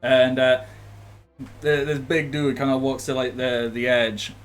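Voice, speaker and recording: A man's voice: mid-range voice, level tone, measured pace, soft background music. A man narrating as game master of a tabletop game, rambling with many fillers and restarts.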